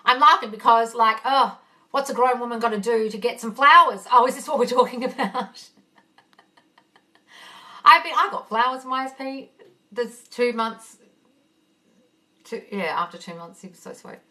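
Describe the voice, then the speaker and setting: A woman's voice: on the high side, normal speed, long pauses, bright, forceful tone. A woman manifesting coach answering viewer questions live on her phone. She swears freely and calls her viewers darling. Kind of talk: live Q&A chat. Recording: slightly distant from mic.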